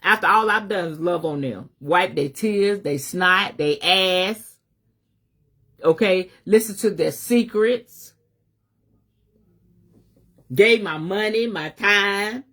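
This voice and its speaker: Speaking slowly and pausing often, this middle-aged woman has a medium-pitched, somewhat bright voice. She's a spiritual advisor giving a fiery live message in African American Vernacular English, with a preacher's emphatic rhythm and plenty of swearing.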